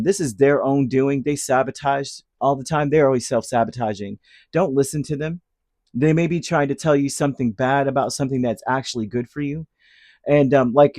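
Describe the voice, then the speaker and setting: A man giving a casual tarot reading, chatty and animated, full of fillers and restarts. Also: medium pitch, dry recording, clean studio sound. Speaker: tarot reader.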